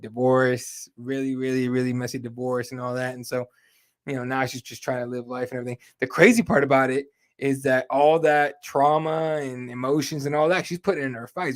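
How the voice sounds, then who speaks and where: A man hosting a casual live chat show, talking loosely with plenty of fillers and free swearing. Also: medium pitch. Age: adult with kids. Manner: loose and conversational, swears freely, many fillers. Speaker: host.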